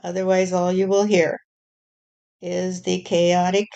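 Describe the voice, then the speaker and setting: God as a stern deity warning humanity, spoken by a woman who channels him. The delivery is very slow and measured, with a gravelly, creaky grain. The tone is dark and mellow, sitting a little low, and he keeps returning to "you see". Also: flat delivery, lo-fi sound. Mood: solemn. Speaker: spirit channeler. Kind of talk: channeled spirit message.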